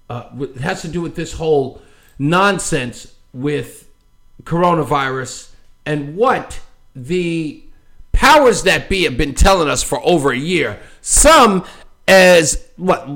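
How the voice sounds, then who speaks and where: Male host, opinionated rant, lively and slightly high pitched, chuckles and ums throughout. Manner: ranting, animated, laughs often, many fillers. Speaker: show host. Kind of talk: opinionated political commentary.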